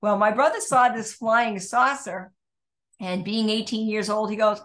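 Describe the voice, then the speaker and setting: An older woman co-hosting a podcast, telling a childhood story in a lively, laughing way. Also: mid-range voice, measured pace. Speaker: podcast co-host. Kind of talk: storytelling chat.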